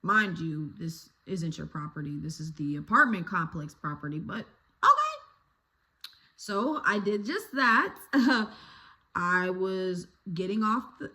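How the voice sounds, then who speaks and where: Chatty young woman, low voice, roomy room. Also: bright, forceful tone. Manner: chatty, swears freely, lots of "like" and "you know". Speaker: YouTuber telling a story. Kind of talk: casual storytime vlog. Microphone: phone camera. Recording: roomy phone recording.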